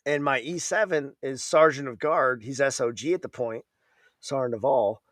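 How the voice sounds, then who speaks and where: A man's voice: medium pitch, normal speed, fairly bright tone, dry recording, clean studio sound. A man, an Army veteran guest, telling war stories in casual podcast chat in a laid-back, profane way.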